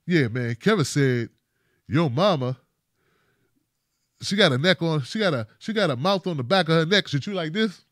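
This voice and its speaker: A man's voice: animated, normal speed, long pauses, no echo, clean studio sound, close to an everyday voice. A man doing a gossiping fake friend. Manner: low, conspiratorial, slangy.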